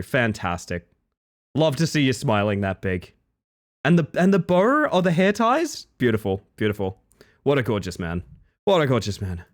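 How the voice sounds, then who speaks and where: A man live-streaming, chatting casually with viewers, reading their messages and answering them by name, jumping from excited high yelps to low mutters. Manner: reads chat aloud and answers viewers by name.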